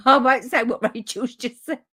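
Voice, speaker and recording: A woman in her fifties hosts a live papercraft stream, her voice a little high, slow, pushed and bright. She chats casually but keeps dissolving into giggles and apologizing for it.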